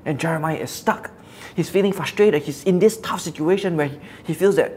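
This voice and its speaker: Brief: an earnest preacher at mid pitch, reflective, with a faint hum behind the voice. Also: brisk, darkish tone. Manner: earnest, reflective, asks rhetorical questions. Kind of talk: Bible teaching.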